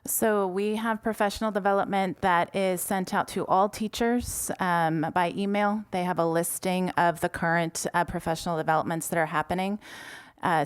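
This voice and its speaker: A woman with a somewhat low voice walks the board through policy updates. She explains plainly, pausing often with fillers. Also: clear, resonant tone. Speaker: district administrator presenting policy. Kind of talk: public meeting presentation.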